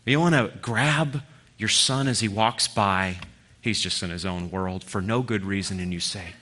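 A man preaching a sermon in a bright, ringing voice. He is earnest and builds to strong emphasis, then drops to a near-whisper on key lines. His delivery is heartfelt, with a guest preacher's directness. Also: lowish voice, measured pace.

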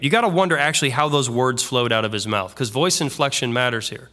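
A man's voice: mid-range voice, fast, few pauses, pushed and bright. A man preaching an expository sermon in an earnest, conversational way, bringing in vivid everyday examples. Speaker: pastor.

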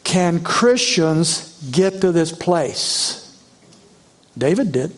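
Male preacher, slightly high pitch, expressive sermon delivery that voices scripture with feeling. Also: drawn-out words. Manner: expressive preaching, voicing the psalmist's pleas in a rising voice. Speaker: pastor.

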